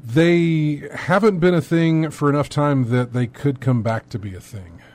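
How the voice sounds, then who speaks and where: A man's voice: fairly high pitch, a little slow, a little mellow. A man co-hosting a casual gaming news talk, rambling and thinking aloud with many fillers. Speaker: podcast co-host.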